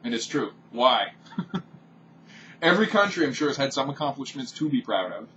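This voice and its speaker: A man's voice: mid-range voice, big pitch swings, moderate pace, a bit bright, a little hiss or hum. A man from Canada, ranting off the cuff in a blunt, profane vlog monologue. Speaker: vlogger. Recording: distant, dull home-recorded audio.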